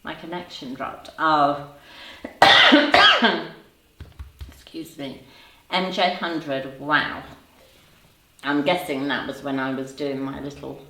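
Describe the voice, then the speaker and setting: A woman in her fifties with a low voice talks slowly and easily, greeting viewers by name and joking with them. She sits a little back from the mic, and the room is echoey around her. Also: fairly even intonation, sharp tone, a little hiss or hum. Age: 50s. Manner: chatty, teasing, laughs often. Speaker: livestream host reading chat. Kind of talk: casual live chat. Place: home room. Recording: roomy sound, voice a bit far from the mic.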